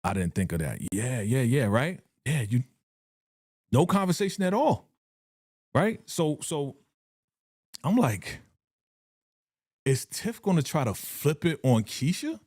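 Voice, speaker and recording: A man hosting a casual live reaction stream about a TV episode, talking in an animated, slangy way and laughing often. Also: on the high side, takes it slowly, pauses often, no room sound, clean studio sound. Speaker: TV show reaction livestream host.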